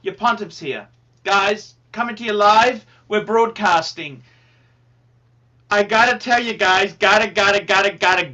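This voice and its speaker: A man hosting a livestream in a casual, rambling, excitable way, repeating himself and swearing now and then. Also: sits high, measured pace, dull audio. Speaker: livestream host.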